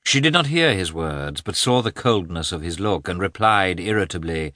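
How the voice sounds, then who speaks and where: A man narrating a classic novel in an expressive, measured reading. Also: deep voice, no echo, clean studio sound. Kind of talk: audiobook narration.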